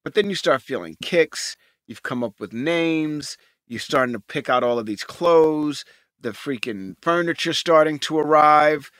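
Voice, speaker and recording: A man in his forties with a bright, forceful, fairly high voice, chatting casually and swearing freely. He talks animatedly and acts out little quoted exchanges. The sound is close and dry. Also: unhurried, no room sound. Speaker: co-host. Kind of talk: casual podcast chat.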